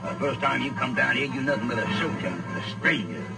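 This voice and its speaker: A man preacher voicing a burly mob leader who sneers slowly and loudly. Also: mid-range voice, animated, gravelly, loud music behind the voice. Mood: sneering. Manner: slow, loud, sneering.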